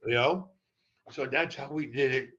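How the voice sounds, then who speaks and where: An older man tells stories as an interview guest, blunt and profane. His voice is bright and forceful. The recording sounds a little dull and muffled. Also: mid-range voice, unhurried. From New York. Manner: blunt, profane, animated storyteller. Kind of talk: storytelling in a podcast interview.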